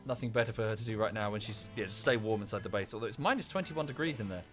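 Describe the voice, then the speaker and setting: A man's voice: lowish voice, very fast, fairly bright tone, faint music behind. A man streaming a colony-building game, chatting casually and correcting himself as he talks to viewers and the characters on screen. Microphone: desk microphone.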